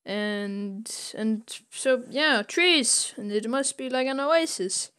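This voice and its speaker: A young woman recaps a comic on a podcast in an unhurried, stop-and-start way. Her voice sits a touch high, and she fills the gaps with ums. She drops into the characters' lines as she tells the story. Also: fairly bright tone, smooth. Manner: halting, full of ums and laughs, acts out characters' lines. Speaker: podcast co-host. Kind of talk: casual comic retelling.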